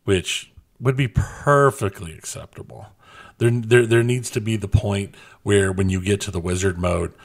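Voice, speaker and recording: A man co-hosting a podcast in relaxed chat, floating absurd ideas with a dry, straight-faced humor. His voice sits a bit low, and he often restarts a phrase before landing it. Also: moderate pace, vocal fry. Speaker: podcast co-host. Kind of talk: casual chat.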